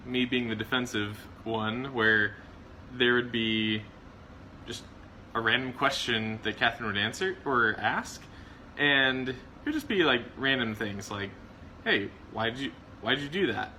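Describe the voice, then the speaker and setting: A man with a very bright, forceful voice talks through a relaxed, rambling chat about marriage. He laughs often and restarts his sentences. A faint hiss of noise sits under the recording. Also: mid-range voice, a little slow, poor audio. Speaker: co-host of a marriage channel. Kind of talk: casual chat.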